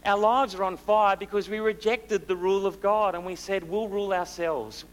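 Man preaching a sermon, higher voice. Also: steady tone, moderate pace, poor audio. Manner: rhetorical questions, shifting from loud to hushed.

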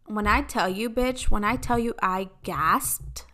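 A young woman hosting a casual solo podcast, telling a family story in an animated, dramatic way and acting out quoted dialogue. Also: medium pitch, unhurried, few pauses. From Mexican-American family. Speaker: podcast host.

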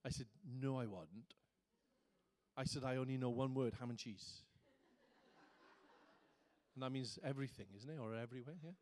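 A man's voice: mid-range voice, moderate pace, pauses often, a little mellow. A man preaching a sermon as pastor, conversational at times and rising to fervent emphasis.

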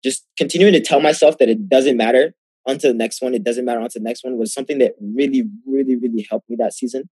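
A man's voice: medium pitch, quick pace, slightly rough, no echo. A young man, a guest athlete, tells his story in a casual interview, acting out the exchanges he quotes. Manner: animated, acts out quoted exchanges.

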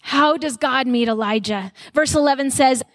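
A woman speaker giving a conversational sermon to mothers at a conference, telling personal stories with animated delivery. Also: high-pitched, moderate pace, dry recording. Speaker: mother of young children.

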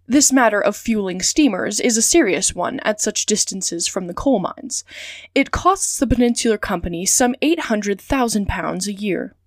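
A woman hosting a story podcast, reading a classic novel aloud in a clear, steady way. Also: mid-range voice, normal speed, no echo, studio quality.

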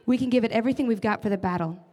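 A woman's voice: a little high, racing, mellow. A young woman giving an earnest, conversational sermon as a church leader, often adding casual fillers. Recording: long reverb of a large hall.

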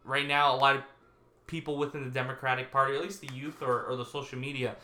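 Talking fast in a flat, mid-range voice that's pushed and bright, a man co-hosts a podcast of casual political chat. The echoey recording carries a little hiss or hum, and he rambles, restarts, and laughs at his own jokes.

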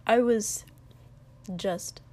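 A woman reading aloud plays a reserved young prince who answers softly and with hesitation. His slow, hushed delivery stays near her own mid-range voice. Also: fairly high pitch, slightly rough, exaggerated voice. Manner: quiet, hesitant, understated.

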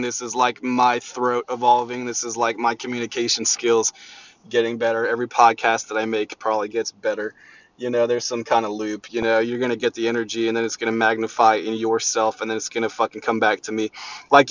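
A man's voice: medium pitch, no echo. A man hosting a rambling solo motivational podcast, talking in a brash, profane way. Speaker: podcast host. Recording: dull lo-fi recording.

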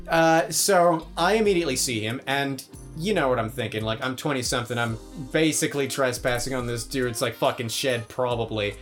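A young man co-hosting a podcast, telling a story in an animated, jokey way and swearing often. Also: mid-range voice, normal speed, faint music behind. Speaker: podcast co-host. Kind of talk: casual storytelling chat.

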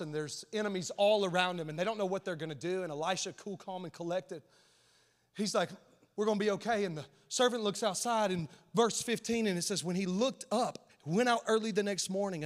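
A male pastor preaching a sermon, telling a story in an animated way, swinging from shouts to hushed asides. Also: high-pitched. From Nashville, Tennessee. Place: church auditorium. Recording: long hall reverb.

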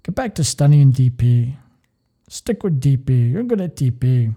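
A gruff old German sea captain with a German accent, put on by a man, barking short clipped orders. The voice sits low and dark with a gravelly edge. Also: very animated, unhurried. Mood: curt. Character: gruff older male German ship captain, curt.

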